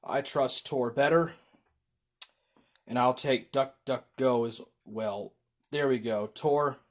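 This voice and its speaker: A man's voice: mid-range voice, slow. A man chatting casually on his livestream, rambling with frequent ums while reading chat.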